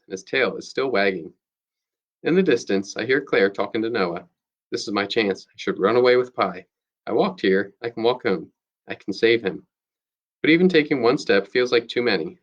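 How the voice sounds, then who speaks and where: A man, a teacher, reading a novel aloud to his students in a steady, plain storytelling manner. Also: on the low side, dull audio.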